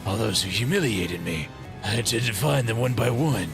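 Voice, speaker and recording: Man playing a deep-voiced sinister killer, slow and cold, game music behind. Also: creaky. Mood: menacing. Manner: slow, low, menacing. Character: sinister vengeful double of a brawler, cold killer.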